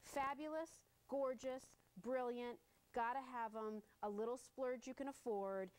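Casting: excitable TV shopping host, woman, slightly high voice, gushing live sales pitch. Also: unhurried. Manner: gushing, excited selling with playful asides.

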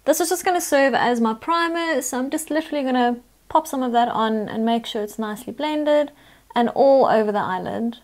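Female beauty vlogger, bright high voice, chatty and instructive. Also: fairly quick. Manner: chatty, instructive, talks through each step. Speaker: makeup tutorial host. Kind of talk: step-by-step makeup tutorial narration.

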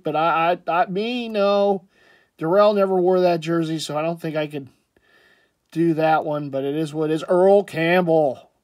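A man with a slightly high voice talks his way through sports jerseys in a loose, rambling vlog. He drifts between comments and throws in jokey asides. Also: a little mellow. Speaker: sports jersey collector vlogger. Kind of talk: casual commentary.

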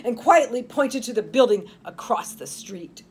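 A woman's voice: on the high side, animated, moderate pace, darkish tone, slight background noise. A woman in her fifties, a nurse and author, reading her novel aloud dramatically and chatting between chapters. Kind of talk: audiobook narration and podcast chat.

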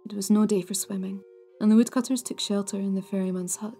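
A woman hosting a folklore podcast, narrating a ghost story in a hushed, half-whispered, deliberate way. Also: medium pitch, steady tone, breathy edge. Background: soft music.

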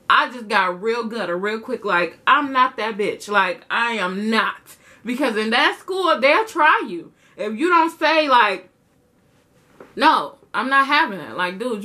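A young woman with a bright, sharp, somewhat high voice tells a story straight to her viewers. She talks in quick, slangy bursts and acts out every line of the quarrel herself. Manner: animated, slangy, acts out the dialogue. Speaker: vlogger telling a story. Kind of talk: casual storytime chat.

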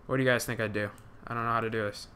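A man's voice: mid-range voice, level tone, racing, sharp tone, slight background noise. A young man giving live gameplay commentary, rambling with many fillers and restarts, swearing when startled. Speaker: gaming commentator.

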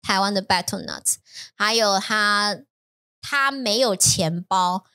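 A woman's voice: mid-range voice, takes it slowly, bright, forceful tone, clear, resonant tone. A woman from Taiwan co-hosting a podcast, chatting casually and animatedly in Mandarin mixed with English. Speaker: podcast co-host. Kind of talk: casual bilingual chat.

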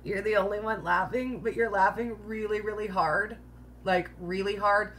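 A woman's voice: mid-range voice, moderate pace, pushed and bright, slight background noise. Woman, casual live-stream host, joking, laughs often, lots of 'like', chatty. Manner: filler-heavy, says 'like' constantly.

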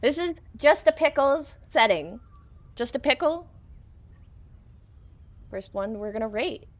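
A young woman doing casual commentary while playing a shooter game, excitable and screaming often, laughing and swearing between calmer stretches. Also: high voice, slow pace. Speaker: gaming streamer.

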